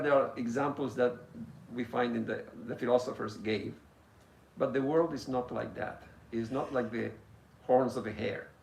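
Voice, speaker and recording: Gravelly-voiced monk giving a spiritual talk. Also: male voice, mid-range voice, echoey room, poor audio. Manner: gentle storytelling with pauses and restarts. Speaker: swami giving a discourse. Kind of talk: spiritual discourse.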